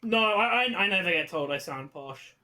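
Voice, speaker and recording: Teasing British man, high bright voice. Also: lively intonation, moderate pace. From Britain. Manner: dry, teasing, ironic. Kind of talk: casual podcast chat.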